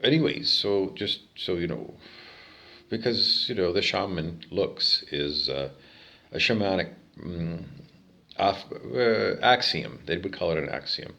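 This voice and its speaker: A man's voice: sits low, expressive, unhurried, gravelly, sharp tone. Rambling Canadian man in his fifties. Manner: digressive, opinionated, with many fillers. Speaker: vlogger. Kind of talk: rambling solo monologue.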